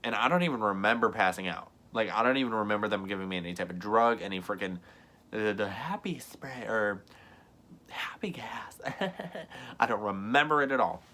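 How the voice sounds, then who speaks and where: A young man telling a story in a vlog, animated, often acting out other people's lines and filling his talk with "like". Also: on the low side, normal speed. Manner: frequent "like" fillers, laughs between lines. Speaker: vlogger.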